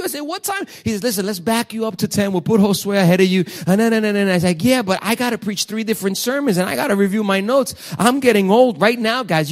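A middle-aged man, a pastor, telling a personal story in a sermon, animated and swinging from hushed asides to near-shouting. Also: high voice.

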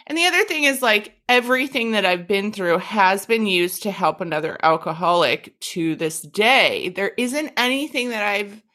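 Bright, candid woman host. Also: medium pitch, moderate pace, hardly any pauses. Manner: animated, self-mocking, swears casually. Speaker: podcast host. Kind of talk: candid recovery conversation.

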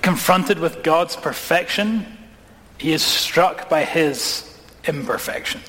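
A man's voice: fairly high pitch, lively intonation, bright, forceful tone. Man preaching in a reverberant hall. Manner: dramatic slowing and dropping voice on key words; engaging questions to the congregation. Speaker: pastor. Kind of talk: sermon.

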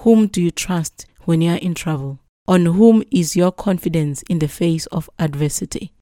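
Brief: earnest woman preacher, low mellow voice, dry close recording. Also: normal speed, no echo. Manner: earnest, exhorting. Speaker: Bible teacher. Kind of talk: devotional Bible reading and preaching.

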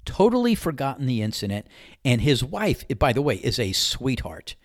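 A man of middle pitch tells a story on his podcast in a candid, casual way, slipping into the voices of the people in it. His voice is recorded close and dry, with no room sound around it. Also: normal speed, no room sound. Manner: animated anecdote-telling, acts out dialogue; candid and conversational, mild swearing. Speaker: podcast host.

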